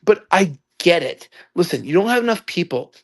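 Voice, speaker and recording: A young man in his twenties telling a story loudly, ranting and acting out quoted lines. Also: high voice, expressive, moderate pace. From United States. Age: 20s. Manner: loud, ranting, acts out quotes. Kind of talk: animated storytelling.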